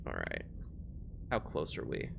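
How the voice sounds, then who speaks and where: A man streaming a space game, talking casually over his play, swearing a lot and getting loudly frustrated. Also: unhurried, background noise. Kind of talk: casual live-stream gameplay commentary.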